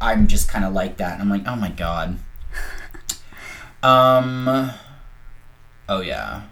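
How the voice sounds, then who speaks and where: A woman's voice: very deep voice, expressive, slow pace, a bit bright. A woman hosting a casual podcast, rambling through stories, swearing freely and often circling back with "anyway". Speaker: podcast host. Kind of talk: casual chat.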